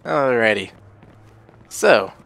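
A man's voice: mid-range voice, lively intonation, slow pace, creaky, a bit bright. A young man commentating a game he is playing, sounding sick and groggy with a morning voice, rambling and correcting himself as he goes. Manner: rambling, self-correcting, easygoing. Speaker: let's play host. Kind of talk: casual gameplay commentary.

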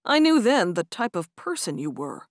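A woman reading the part of a smitten young man in an audiobook, speaking softly and tenderly. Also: fairly low pitch, big pitch swings, normal speed, dry recording, studio quality. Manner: soft, tender, pleading.

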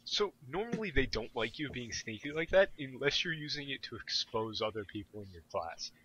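A young man telling stories in casual podcast chat, self-deprecating and animated. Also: mid-range voice, brisk, a little hiss or hum, rough recording. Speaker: podcast guest.

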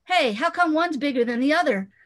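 A woman's voice: high-pitched, animated, fairly quick, voice pushed up. A playful, teasing boy from a children's storybook, full of curious questions for his best friend, as a woman reads his lines aloud. He chats easily and lists his reasons one by one. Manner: teasing, chatty, counts points off. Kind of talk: reading aloud from a chapter book.

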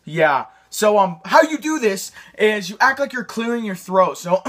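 A man's voice: sits high, expressive, normal speed, a bit bright, slightly rough. A man giving a rambling, joking beatbox tutorial with lots of fillers. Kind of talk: casual tutorial.

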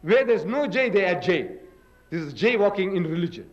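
A man's voice: high-pitched, sing-song, normal speed, poor audio. An older man giving a public religious lecture, emphatic and full of rhetorical questions. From South Africa.

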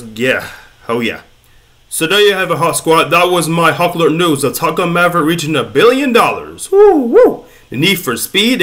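A young man with a slightly high-pitched voice hosts his own casual online news show. He is excitable and slangy, rambles freely, and trips over his words now and then. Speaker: YouTube news host. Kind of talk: casual news commentary vlog.

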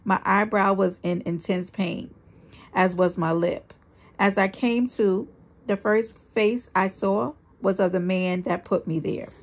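A woman reading a first-person memoir aloud in a plain, steady storytelling delivery. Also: medium pitch, a little slow. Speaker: memoir reader.

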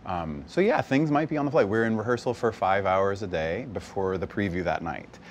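A man from the West Coast, a stage actor, chatting as a guest in an easygoing, animated way, laughing often. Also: fairly low pitch, a little fast, a little hiss or hum. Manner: animated, laughs often, slips into character voices briefly. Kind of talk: casual interview chat. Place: bar set.

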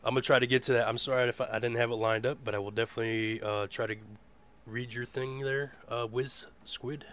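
A man hosting a casual live internet radio show. His voice is hoarse, and he rambles in a laid-back way and swears freely. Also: mid-range voice, steady tone, brisk, a bit bright. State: hoarse from a rough voice. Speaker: host.

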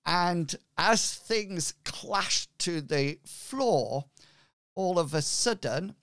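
A man narrating as game master in an unhurried, rambling style with lots of "sort of, like" fillers. His voice sits a bit higher than most men's and sounds smooth and clear. He is recorded dry and close. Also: expressive, fairly bright tone, no room sound.

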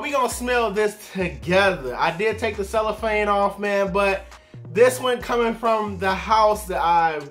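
A man's voice: high voice, fairly bright tone. A man reviewing fragrances in a casual video, laid back and chatty, often tagging his lines with "man" and "y'all".

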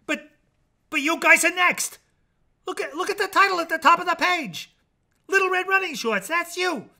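A man's voice: high voice, sing-song, measured pace, pushed and bright, voice pushed up, exaggerated voice. A man voicing an eager, boastful male storyteller character who rambles on, hyping up his own tale. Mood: flustered. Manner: eager, rambling, breathless hype.

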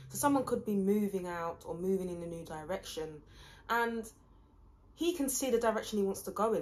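A woman's voice: mid-range voice, darkish tone. A woman giving a casual tarot reading, rambling, blunt and mocking. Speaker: tarot reader.

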